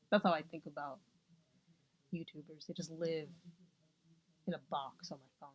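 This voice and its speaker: A woman's voice: low voice, steady tone, normal speed, pauses often. A young woman vlogging, telling a rambling story casually, often losing her thread. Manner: rambling, giggly, self-interrupting. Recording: dull lo-fi sound.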